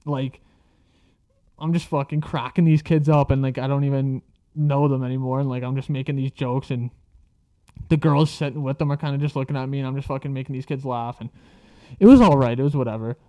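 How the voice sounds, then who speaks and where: A man's voice: medium pitch, steady tone, a little fast, dark tone, no echo, muffled recording. A young man telling a casual story, rambling and swearing freely, with lots of filler words. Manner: rambling, profane, filler-heavy.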